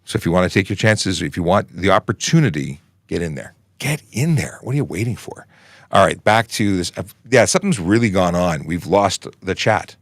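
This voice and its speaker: A man's voice: deep voice, animated, a little fast, no echo, studio quality. A man in his forties, a police constable hosting a casual livestream Q&A, talking in a chatty, rambling way with joking asides and restarts. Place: podcasting station in a studio.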